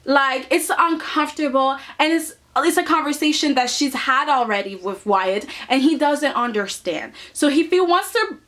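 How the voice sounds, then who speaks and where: A woman's voice: sits high, lively intonation, normal speed, hardly any pauses, fairly bright tone. A woman casually recapping a soap opera episode, sassy and chatty, often tagging her points with "okay?".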